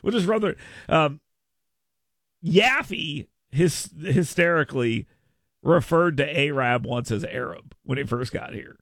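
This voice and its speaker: Radio host guy, gravelly voice with a sharp bright edge, joking around and declaring stuff on a dry studio mic. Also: on the high side, a little slow, no room sound. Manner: playful, mock-proclamatory, rambling with restarts. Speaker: radio talk show host. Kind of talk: casual talk radio banter. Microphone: studio microphone.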